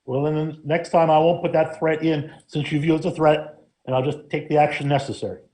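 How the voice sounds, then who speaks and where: Firm, mellow-voiced male law director. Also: on the high side, fairly even intonation, brisk. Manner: firm, defensive, lawyerly. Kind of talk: council meeting debate.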